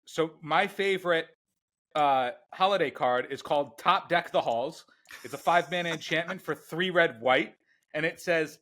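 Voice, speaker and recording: A man co-hosting a podcast, chatting casually and steering the conversation in a relaxed way. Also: on the high side, moderate pace. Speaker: podcast co-host. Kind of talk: casual chat.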